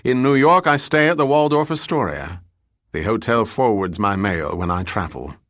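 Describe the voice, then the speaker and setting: Man reading a courtly, flattering gem merchant, low and close. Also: moderate pace, no room sound. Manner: flowery, ceremonious politeness. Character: suave courtly male gem dealer, flattering.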